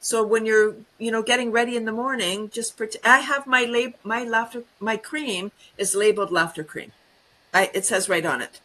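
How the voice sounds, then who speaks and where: A woman's voice: on the high side, normal speed, fairly bright tone, rough recording. A woman guest on a video call, playful and leading the others in a laughter game. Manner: playful, leads a laughter exercise.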